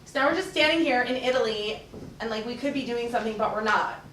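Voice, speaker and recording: A woman improv performer, talking in an animated way and often laughing through her lines. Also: a little high, fast talker. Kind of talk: live improv comedy. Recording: distant, echoey stage with noise.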